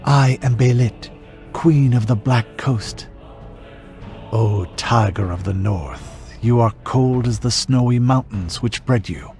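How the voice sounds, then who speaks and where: A man's voice: mid-range voice, lively intonation, takes it slowly, soft background music. A man reading as a fierce, commanding pirate queen. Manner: commanding, ardent, some lines hushed. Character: fierce passionate young pirate queen woman. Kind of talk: dramatic story reading.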